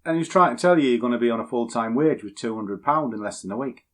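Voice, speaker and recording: A man's voice: medium pitch, quick pace. An older man, a trading educator who talks bluntly and rambles in a casual, opinionated way before walking through a chart on screen. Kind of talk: casual rambling talk, then screen walkthrough.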